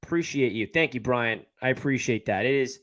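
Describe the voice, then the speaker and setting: A man's voice: medium pitch, fairly quick, a bit bright. A man with a New York area accent hosting a casual live stream, chatting and answering viewer comments as he reads them. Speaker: livestream host.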